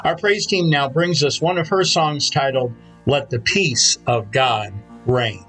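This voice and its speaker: A man preaching a sermon in a measured, storytelling manner. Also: mid-range voice, fairly bright tone, slightly rough, faint music behind, rough recording. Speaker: pastor.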